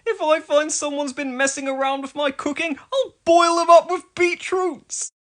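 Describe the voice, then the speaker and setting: A fussy, excitable cook from a children's storybook, put on by a woman reading aloud. He talks in high, lively exclamations, with his voice swinging up and down. It is a read-along storytelling voice. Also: moderate pace. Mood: indignant.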